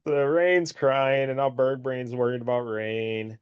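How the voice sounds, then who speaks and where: A man's voice: mid-range voice, little pitch movement, measured pace, smooth, highs cut off. Man rambling through a comic recap. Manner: rambling, amused retelling with filler words. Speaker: podcast co-host. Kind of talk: casual chat, comic book recap.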